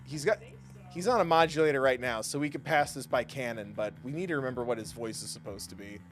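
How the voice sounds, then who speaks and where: A man's voice: medium pitch, quick pace, faint music behind. A male streamer chatting playfully with his audience while reading a game live. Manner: playful, chatty asides to chat.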